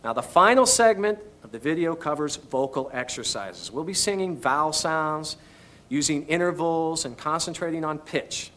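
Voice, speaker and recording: A man's voice: on the high side, animated, moderate pace, a bit bright. A man teaching singing on an instructional video, patiently coaching each step. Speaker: vocal instructor.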